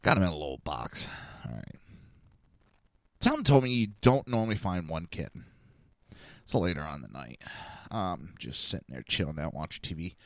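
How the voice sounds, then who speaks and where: Animated man telling a story, dry sound. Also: low voice, moderate pace, gravelly, pauses often, no room sound. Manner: animated, exasperated, acts out dialogue. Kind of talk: casual personal storytelling.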